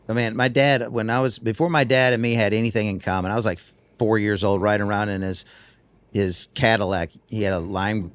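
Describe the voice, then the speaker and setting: Guy spinning stories as a guest, lowish voice, dry sound. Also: no room sound. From North Carolina. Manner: animated storyteller. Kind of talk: casual chat. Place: tour bus.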